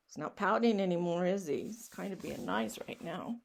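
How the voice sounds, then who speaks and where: A woman reading a picture book aloud to children, gently asking them questions and explaining. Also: fairly low pitch, moderate pace, vocal fry, few pauses, a little hiss or hum. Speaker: children's story reader.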